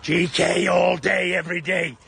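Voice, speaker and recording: A man doing a comedic impression of a loud, swearing heavyweight boxer who boasts about himself. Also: high voice, steady tone, unhurried, a little hiss or hum, full character voice. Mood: boastful. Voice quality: gravelly, profane, shouting.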